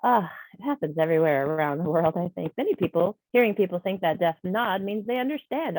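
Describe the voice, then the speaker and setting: Lady interpreting a deaf trainer out loud on a video call, kinda low pitched, calm patient explaining, very dry sound. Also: brisk, dry recording, poor audio. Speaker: sign language interpreter voicing a deaf trainer. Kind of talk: live spoken interpretation of a training session.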